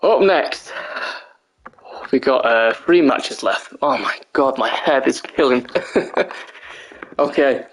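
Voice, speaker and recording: A young man with a hoarse, mid-range voice commentates a live-streamed wrestling video game slowly, pausing often. Though tired, he gets excitable, laughing and swearing regularly.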